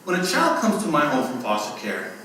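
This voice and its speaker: A man giving a keynote speech, telling personal stories in an animated way and acting out the voices. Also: medium pitch, fairly quick. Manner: animated storyteller who acts out voices. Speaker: keynote speaker. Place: event venue at a fundraiser. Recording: echoey hall, voice from far off, faint noise.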